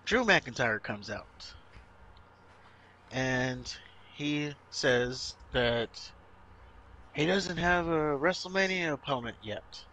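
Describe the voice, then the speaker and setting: A man's voice: on the high side, lively intonation, takes it slowly, long pauses, pushed and bright, slight background noise. A man co-hosting a podcast, casually recapping wrestling events and laughing often as he tells the story. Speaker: podcast co-host.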